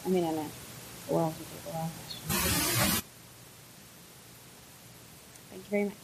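A woman telling a folk tale live with gentle, unhurried narration, then answering questions. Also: deep voice, steady tone, heavy background noise. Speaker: storyteller.

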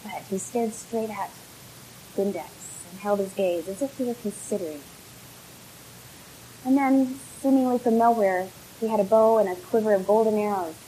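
Woman storyteller, gentle unhurried narration, mid-range voice, faint hiss. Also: mid-range voice, rough recording. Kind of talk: live folk tale storytelling, then answering questions.

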